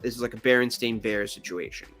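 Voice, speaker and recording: A young adult man talks fast over faint music while hosting his channel. He rambles and jokes through casual commentary on pictures, his pitch swinging animatedly.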